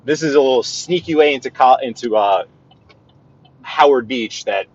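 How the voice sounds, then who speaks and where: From behind the wheel, a man casually points things out on a live driving tour, rambling with plenty of restarts and playful asides. He speaks at normal speed in a mid-range voice, and the sound is echo-free but a bit dull, like a live stream captured in a car.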